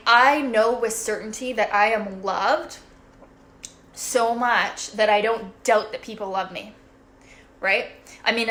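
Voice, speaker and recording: A woman's voice: mid-range voice, fairly bright tone, a little hiss or hum. A woman life coach giving a casual motivational talk to a livestream audience, chatty and swearing freely, tagging nearly every thought with "right?".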